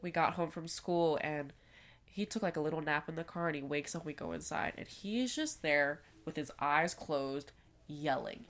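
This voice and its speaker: Young woman, chatty lowish voice. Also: moderate pace, fairly bright tone. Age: young adult. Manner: chatty storyteller, swears, many "like" fillers. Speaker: podcast co-host. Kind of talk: casual chat.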